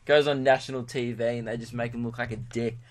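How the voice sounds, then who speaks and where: A man's voice: mid-range voice, fairly even intonation, fast talker. A young Australian man hosting his own podcast, rambling and crude, poking fun at himself. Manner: rambling, crude, self-mocking. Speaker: podcast host. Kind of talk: casual podcast monologue.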